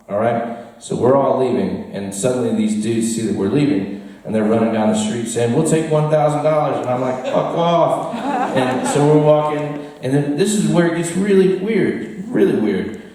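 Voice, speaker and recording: Male storyteller, mellow voice, roomy bar sound, mic at a distance, animated and laughing. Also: mid-range voice. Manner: animated, laughs through his story, chats with the crowd. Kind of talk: live storytelling to a bar audience. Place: bar with an audience. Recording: roomy echo, mic far off.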